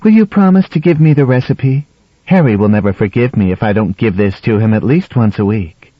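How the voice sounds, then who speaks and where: A man's voice: lowish voice, expressive, a little fast, no room sound. A man voicing an eager, gushing woman guest at a dinner, in a dull, dry audiobook recording.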